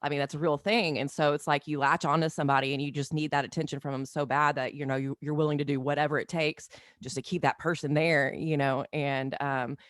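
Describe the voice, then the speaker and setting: A woman guest in an interview, speaking earnestly and haltingly, with many pauses and fillers. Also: deep voice, steady tone, no echo, clean studio sound. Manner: earnest, halting, full of you-knows. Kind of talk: candid interview talk.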